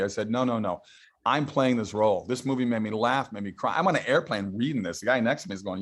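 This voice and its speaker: A man's voice: mid-range voice, quick pace. A middle-aged man, a guest actor, telling stories with enthusiasm in a casual interview. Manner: enthusiastic storytelling.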